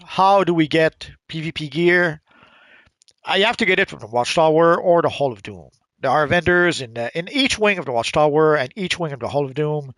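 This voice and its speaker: A man giving relaxed, chatty gameplay commentary and explaining things to new players as he plays. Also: a little high, dry recording. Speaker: gaming channel host.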